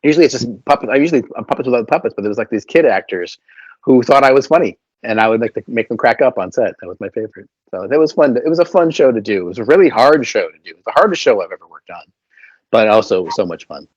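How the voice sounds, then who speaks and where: A puppeteer and voice actor with a medium-pitched, expressive voice talks fast as an interview guest, chatting animatedly and filling his speech with fillers. He's casually telling stories, and the dry recording with no echo sounds slightly dull.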